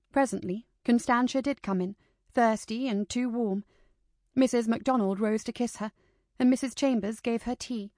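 Brief: female audiobook narrator, measured storytelling, dry close mic. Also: a little high, darkish tone, dry recording. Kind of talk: scripted narration of a historical novel.

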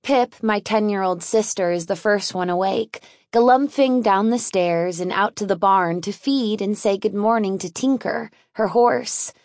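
Woman reading an audiobook, slow easygoing wry delivery, mid pitch, dead dry studio sound. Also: darkish tone, no room sound. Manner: wry, conversational first-person storytelling. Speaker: audiobook narrator. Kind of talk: scripted audiobook narration.

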